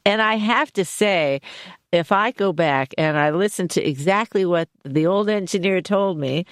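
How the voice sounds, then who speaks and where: A chatty interview host who talks casually and laughs easily between points. The voice sits at a middle pitch. It is recorded close and dry, with no room echo. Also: moderate pace, smooth. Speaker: podcast host. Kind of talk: conversational interview.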